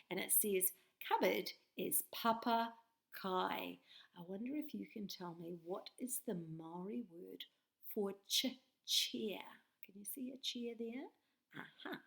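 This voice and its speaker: In an echoey room, a mid-range-voiced woman teaches young children. Her lesson is patient and clearly spoken. Now and then she slips into sing-song bursts.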